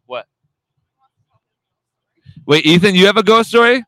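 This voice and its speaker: A male podcast host in casual chat, excitable and quick to curse. His voice is bright and forceful, recorded dry and close. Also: high-pitched, dry recording. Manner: excitable, swears a lot.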